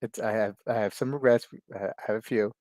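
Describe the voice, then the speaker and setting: A man hosting a casual livestream chat, rambling, laughing often, and filling pauses as he reads viewer comments. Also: lowish voice, steady tone, darkish tone, no echo. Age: adult with kids. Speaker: livestream host.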